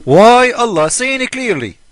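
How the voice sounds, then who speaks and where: A man's voice: extremely high pitch, very animated, measured pace, fairly bright tone, dry recording. A man delivering a polemical monologue as a religious critic, mocking and argumentative, firing off rhetorical questions.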